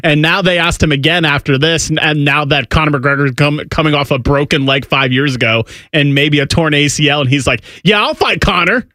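A man's voice: fairly high pitch, fairly even intonation, a little fast, hardly any pauses, sharp tone, no room sound. A man co-hosting a sports radio show, wry and skeptical in casual chat.

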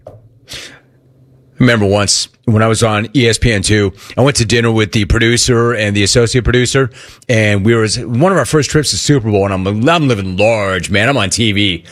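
A man's voice: on the low side, a little fast. A man hosting a call-in talk show, telling stories in a casual, slangy way. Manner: animated storytelling, slangy. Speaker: radio show host. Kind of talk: casual sports talk radio.

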